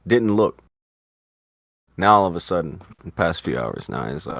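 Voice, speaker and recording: Low-voiced wry stream host, dry close sound, needling and profane. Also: male voice, sing-song, normal speed, vocal fry, pauses often, a bit bright, no echo. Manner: wry, needling, swears casually. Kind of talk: casual livestream commentary.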